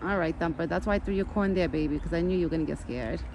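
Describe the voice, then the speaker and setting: Woman vlogger, casual outdoor phone chat, lower voice, coos at animals, faint background noise. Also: fast talker. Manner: coos sweetly at animals in a raised baby-talk voice. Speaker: vlogger feeding wild animals. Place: outdoors in a yard by woods.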